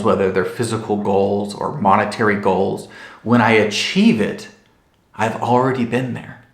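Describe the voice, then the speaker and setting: Earnest low-voiced man in an echoey room. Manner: earnest storytelling, addresses viewers directly. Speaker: real estate coach and investor. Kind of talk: motivational talk to camera.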